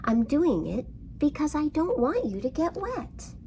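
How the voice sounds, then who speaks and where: A woman voicing a big male lion who speaks gently and fondly to his small friend. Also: high-pitched, sing-song, unhurried, noisy background, voice pushed up, exaggerated voice. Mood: gentle.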